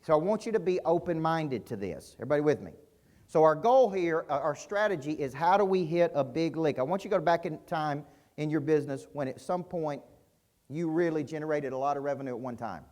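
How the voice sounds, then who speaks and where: A man's voice: on the high side, a little mellow. A middle-aged man giving an intense, punchy business-coaching keynote at a conference, often quizzing his audience. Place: conference hall stage.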